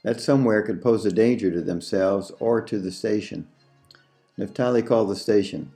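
A man narrating an audiobook story in a slow, measured reading. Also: fairly low pitch, mellow, soft background music.

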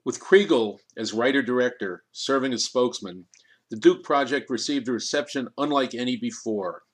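A man narrating an audiobook, his voice sitting at an everyday middle pitch. He reads the story in a measured, steady way. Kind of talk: scripted narration.

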